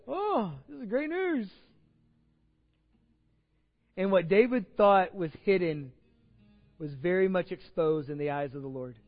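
High-pitched guy preaching a sermon, retelling bible stories all slangy and animated, echoey church, kinda muffled. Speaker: pastor. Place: church sanctuary. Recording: reverberant church hall, slightly dull sound.

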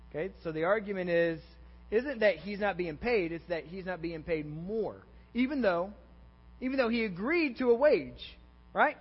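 A man's voice: sits high, animated, moderate pace, breathy edge. A man preaching an interactive sermon, constantly asking the congregation questions and checking in with "okay?" and "all right?". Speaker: pastor. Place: church sanctuary. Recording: dull echoey church recording with mains hum.

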